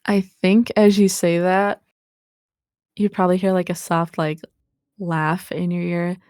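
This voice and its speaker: A woman's voice: lowish voice, level tone, a little slow, a little mellow, smooth, dry recording, clean studio sound. A woman narrating as game master in a tabletop game, hesitant and full of fillers.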